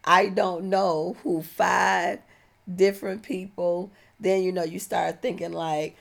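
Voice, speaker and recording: A woman's voice: fairly low pitch, moderate pace, gravelly. A woman, giving a heartfelt, reflective personal testimony. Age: 40s.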